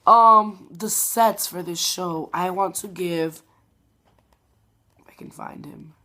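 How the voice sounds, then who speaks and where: A woman's voice: on the low side, slow, bright, forceful tone. A young woman giving a rambling, gushing spoken review of a stage show, full of "like" and "um". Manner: gushing, rambling, heavy "like" and "um" fillers. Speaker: theater reviewer vlogger.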